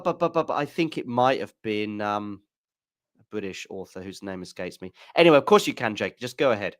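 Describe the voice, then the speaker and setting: A man's voice: on the low side, a bit bright, dry recording, studio quality. A man co-hosting a live tennis watchalong, chatting casually and rambling with self-mocking asides. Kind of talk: casual live-stream chat.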